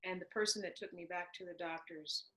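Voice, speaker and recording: A woman hosting a conversation over a video call, telling personal stories in an animated, emphatic way. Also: on the low side, brisk, rough recording. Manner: animated storyteller, warm and emphatic. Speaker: host. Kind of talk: conversational interview.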